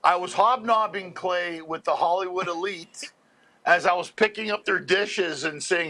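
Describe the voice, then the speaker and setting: A man from Montreal, a comedian guest, telling animated stories and laughing often as he goes. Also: sits high, measured pace, a little hiss or hum, rough recording. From Montreal, Canada. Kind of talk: storytelling interview chat.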